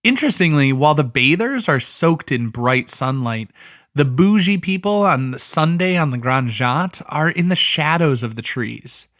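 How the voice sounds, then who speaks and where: Male art explainer with a slightly high voice; casual, thinks aloud, dry close recording. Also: lively intonation, moderate pace, a bit bright, no echo. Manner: conversational, thinking aloud with asides. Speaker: art educator.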